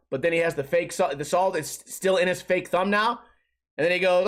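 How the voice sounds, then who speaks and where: A man's voice: high voice, a little fast, fairly bright tone. A young man hosting a podcast, telling a rambling casual story, acting out quotes and laughing often. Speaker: podcast host.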